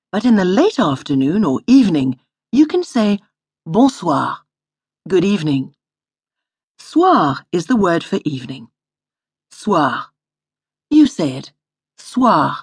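A woman with a low, husky voice leads a scripted language lesson. She speaks slowly and patiently, and her pitch moves a lot as she models each word. The studio sound is dry and close. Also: big pitch swings, darkish tone, no room sound. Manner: patient, slow model pronunciation. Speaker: language course instructor.

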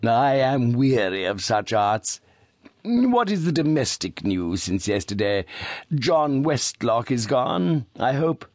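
A male audiobook narrator voicing a sanctimonious, hypocritical middle-aged gentleman who speaks slowly and sweetly. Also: medium pitch, big pitch swings, no echo, pitched above the performer's own voice. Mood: unctuous. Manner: slow, sweet, unctuous delivery. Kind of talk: audiobook character reading.

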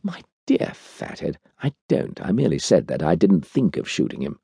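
A man voicing a suave, bantering gentleman outlaw who speaks with cool, quizzical mockery in an audiobook. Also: low-pitched, sing-song, normal speed, gravelly, slightly rough, dry recording, studio quality, full character voice. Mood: mocking.

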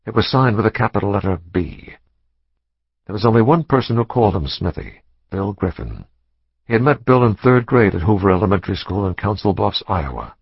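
A man narrating a thriller audiobook in a measured, dramatic reading style. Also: on the low side, big pitch swings, vocal fry, husky, no room sound, dull audio. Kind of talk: scripted narration.

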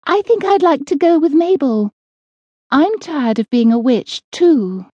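A woman voicing a timid, shy witch who speaks softly and hesitantly, in a close dry studio recording. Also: sits high, big pitch swings, unhurried, no echo, lo-fi sound, pitched above the performer's own voice. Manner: hesitant, soft-spoken.

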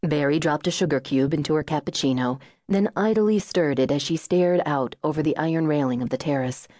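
Low-voiced woman audiobook narrator. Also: brisk, mellow, dry recording, studio quality. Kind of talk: scripted narration.

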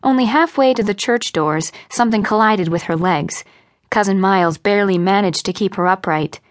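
A woman narrating a historical romance audiobook with expressive storytelling, changing her voice for the characters. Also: mid-range voice, normal speed, dry recording, clean studio sound. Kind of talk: scripted narration.

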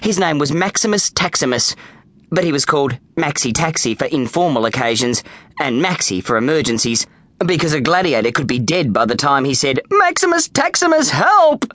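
A man with an Australian accent reads a children's story in a lively, playful way. His voice swings widely in pitch, and the studio recording is close and dry. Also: fairly quick, no echo. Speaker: audiobook narrator.

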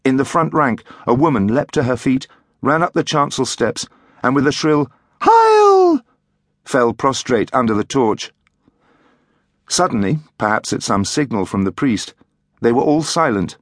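A man narrating a mystery audiobook in an expressive, dramatic storytelling manner. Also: medium pitch, normal speed, no echo, clean studio sound.

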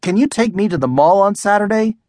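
A man's voice: sits high, expressive, brisk, a little mellow, no echo, studio quality, voice pushed up. A man voicing an eager young schoolboy who begs and whines in a children's audiobook. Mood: pleading. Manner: whiny, begging.

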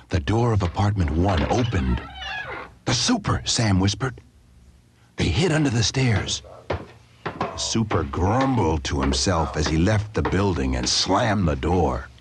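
A man narrating a children's storybook aloud at an unhurried read-aloud pace, raising his voice for the boys' lines. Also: background noise. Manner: voices the boys higher and brighter in dialogue; slow, expressive read-aloud pacing. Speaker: audiobook narrator. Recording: harmonica music behind a dry studio voice.

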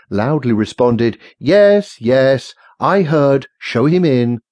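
A man with a husky voice reading a novel aloud in a measured, formal storytelling manner. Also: mid-range voice, mellow, dry recording. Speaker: audiobook narrator. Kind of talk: scripted narration.

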